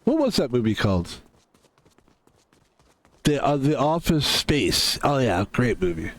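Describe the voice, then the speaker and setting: A man's voice: mid-range voice, big pitch swings, measured pace. A man chatting casually to his viewers while gaming on stream, rambling, mocking himself and swearing freely.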